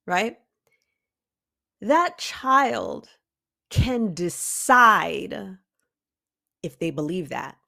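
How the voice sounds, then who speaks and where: A woman hosting a motivational talk for artists, preachy and emphatic, with sudden high rises on key words. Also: animated, very slow, gravelly, pauses often, bright, forceful tone. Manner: emphatic and preachy, calls listeners "baby cakes". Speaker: art coach and podcast host.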